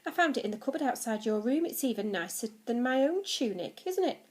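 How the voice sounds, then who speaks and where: A woman's voice: a little high, very animated, a little fast, darkish tone. A woman voicing a sulky, vain male Greek god who talks in a huffy, demanding way.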